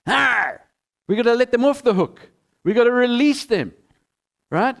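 A middle-aged male pastor preaching a sermon with animated storytelling, acting out both sides of the dialogues. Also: extremely high pitch, moderate pace. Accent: non-American.

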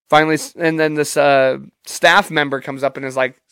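A man's voice: fairly high pitch, steady tone, moderate pace, fairly bright tone, clean tone, no room sound, clean studio sound. Rambling, profane young man telling a story. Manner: profane, rambling, self-amused. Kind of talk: casual storytelling.

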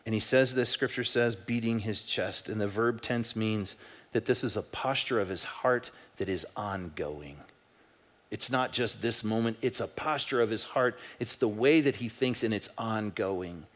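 In a church sanctuary, a man with a fairly low voice preaches at a moderate pace. This pastor's sermon is conversational and lively, with stories in which he acts out the characters' voices.

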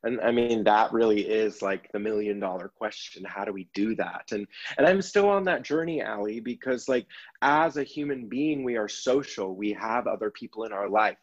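Earnest low-voiced man, dull sound. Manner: earnest, reflective, many restarts. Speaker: self-love coach. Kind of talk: podcast conversation.

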